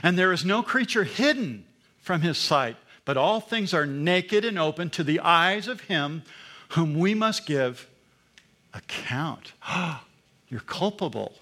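A man's voice: on the high side, animated, slow pace, sharp tone. Earnest middle-aged man preaching a sermon. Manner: earnest, emphatic preaching with rising bursts. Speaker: pastor.

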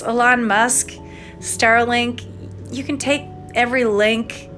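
A woman hosting a podcast, rambling through tangents as she processes her thoughts out loud into her phone. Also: a little high. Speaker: podcast host and online English tutor. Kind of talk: rambling spoken-aloud voice memo. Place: home, Minnesota.

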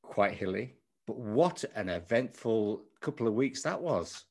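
A low, husky male voice, hosting a relaxed podcast over a video call. He chats loosely, jokes with his guest and laughs easily. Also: a little slow. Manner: chatty, laughing, banters with guest. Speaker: podcast host. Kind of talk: casual podcast interview.

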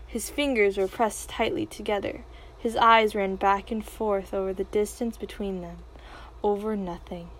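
A woman reading a storybook aloud with expressive, animated narration. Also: medium pitch, normal speed, poor audio.

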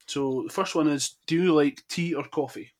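A man's voice: fairly high pitch, moderate pace. Easygoing man hosting a podcast. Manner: easygoing questioner, laughs often. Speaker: podcast host. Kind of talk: casual interview chat.

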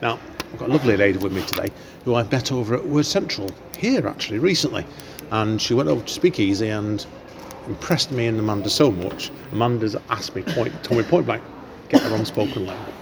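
A man's voice: mid-range voice, expressive, fairly quick, noisy background. A man hosting a podcast, chatting casually and rambling with many fillers, recorded in a library café. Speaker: podcast host. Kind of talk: casual interview chat. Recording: busy café crowd behind. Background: café crowd chatter.

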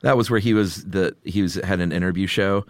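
A man's voice: sits low, a little fast, no echo, clean studio sound. A middle-aged man hosting a podcast in casual chat, reading listener picks aloud and laughing often. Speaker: podcast host.

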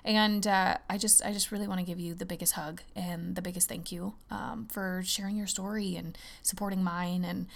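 A young woman hosting her own podcast, chatting casually and excitedly, talking fast and cursing often. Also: fairly low pitch, creaky. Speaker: podcast host. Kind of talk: casual solo podcast chat.

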